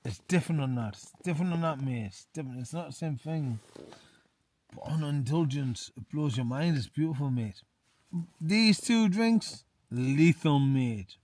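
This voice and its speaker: A man's voice: mid-range voice, moderate pace, warm tone. A tipsy man reviewing beers to camera from inside a small tent. He chats loosely, keeps saying "mate" and repeats himself. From England. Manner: chatty, says "mate" constantly, repeats himself. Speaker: outdoor vlogger. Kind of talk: casual beer review to camera. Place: small tent in winter hills.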